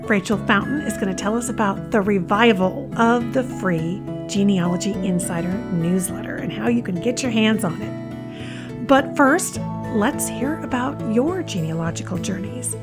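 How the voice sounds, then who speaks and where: A woman hosting a podcast, announcing the episode in a clear, upbeat way and reading a listener's letter aloud. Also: mid-range voice. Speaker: podcast host.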